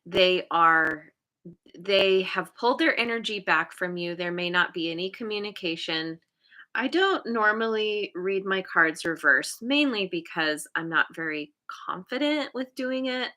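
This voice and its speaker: A woman's voice: mid-range voice, expressive, a little slow, pushed and bright. A woman giving an intuitive tarot reading, talking in a hesitant, searching way with many restarts. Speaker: tarot reader.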